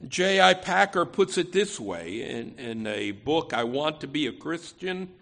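A man's voice: on the high side, sing-song, unhurried, gravelly, a bit bright. A man preaching an expository sermon. He talks conversationally, often saying "you know" and restarting phrases. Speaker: pastor.

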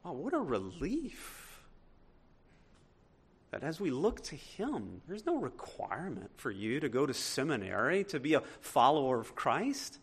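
A man's voice: fairly high pitch, wildly swooping pitch, unhurried, husky. A male pastor preaching a sermon, reading scripture aloud and asking the congregation rhetorical questions with emphatic delivery.

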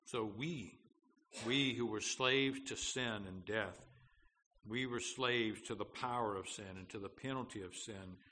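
A man's voice: fairly low pitch, measured pace, sharp tone. A man preaching a sermon as pastor, earnest and full of fillers and restarts, building to emphatic declarations. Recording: long hall reverb, faint background noise.

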